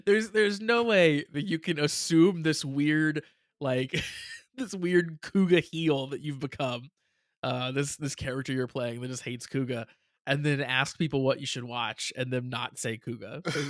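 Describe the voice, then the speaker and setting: A man's voice: on the high side, unhurried, no room sound, clean studio sound. A man co-hosting a casual review podcast, chatty and laughing often, with many repeated words. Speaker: podcast co-host.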